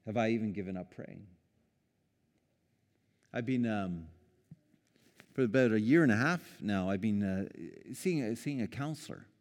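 A man's voice: lowish voice, measured pace, pauses often. Conversational male pastor in a reverberant hall. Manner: conversational, animated when quoting, with small laughs and restarts. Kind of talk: sermon.

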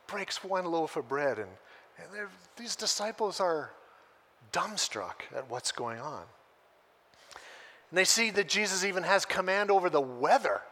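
Bright-voiced man preaching with animated storytelling. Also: high-pitched, a little slow. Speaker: pastor. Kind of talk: sermon.

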